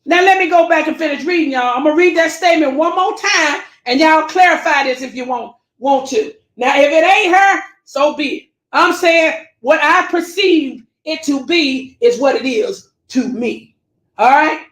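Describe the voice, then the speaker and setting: A woman vlogger reading a viewer's letter aloud and reacting, animated and preachy, calling her viewers family. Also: high voice, normal speed, reverberant.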